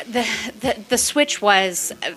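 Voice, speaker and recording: A woman's voice: a little high, takes it slowly, a little hiss or hum, low-quality recording. A woman with a St. Louis accent, a real estate investor telling her story in a casual podcast interview with many restarts. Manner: animated storytelling with lots of restarts.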